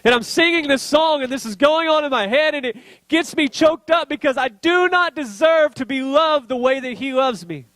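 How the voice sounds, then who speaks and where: A man's voice: very high-pitched, animated, normal speed, a bit bright, no echo. A man preaching a sermon as pastor, speaking earnestly and building to emotional intensity.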